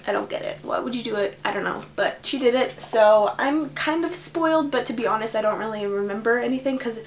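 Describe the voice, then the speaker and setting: A woman's voice: a little high, brisk, a little hiss or hum. Bubbly teenage girl chatting about books. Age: teens. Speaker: book vlogger. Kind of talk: casual chat to camera.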